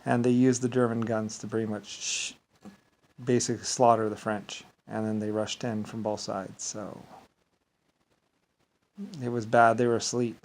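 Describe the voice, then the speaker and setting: A man telling a story in a rambling casual monologue, full of halting restarts and repeated filler words. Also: fairly low pitch, little pitch movement, darkish tone, poor audio.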